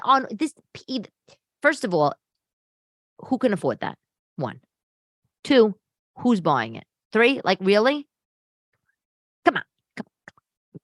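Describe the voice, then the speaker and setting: A woman hosting a casual solo podcast, animated and sarcastic as she rants. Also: mid-range voice, dry recording, clean studio sound. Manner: animated, ranting, sarcastic asides. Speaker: podcast host. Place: home living room.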